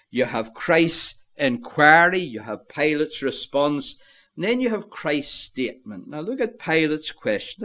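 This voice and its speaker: Solemn preacher delivering a sermon. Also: male voice. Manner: solemn preaching, swells loud on key words then drops low.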